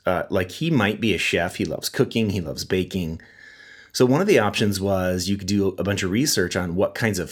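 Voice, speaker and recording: A middle-aged man with a wheezy voice from a cold, chatting casually as a podcast host and laughing at his own stories. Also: deep voice. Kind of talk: casual monologue.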